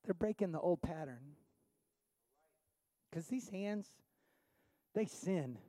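High-pitched guy preaching hard, lots of questions, altar call energy, dry mic. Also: expressive, takes it slowly, dry recording. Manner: impassioned preaching, rhetorical questions, rising to shouts. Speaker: pastor.

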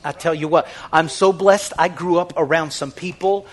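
High-voiced fervent preacher man. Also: fairly even intonation, normal speed. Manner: swings from hushed, near-whispered lines to loud shouted exhortation; fervent, repetitive, call-and-response preaching. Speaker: pastor. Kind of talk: sermon.

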